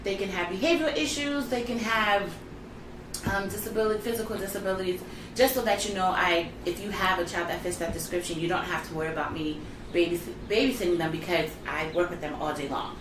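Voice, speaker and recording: A woman guest in casual chat who talks directly and plainly. She sits away from the mic in an echoey room. Steady background noise runs under her voice. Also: on the low side, quick pace, distant mic. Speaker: guest, behavior therapist.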